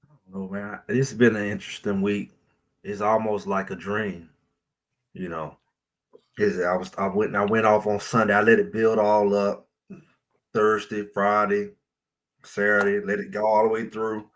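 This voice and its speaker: Guy with a low voice giving his sports take, easygoing, thinking out loud. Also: moderate pace, pauses often. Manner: relaxed, reflective, loose phrasing. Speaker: sports talk guest. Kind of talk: casual sports talk.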